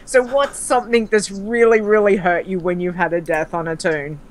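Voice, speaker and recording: A woman hosting a chat podcast, asking her guest drawn-out, unhurried questions. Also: mid-range voice, steady tone. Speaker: podcast host.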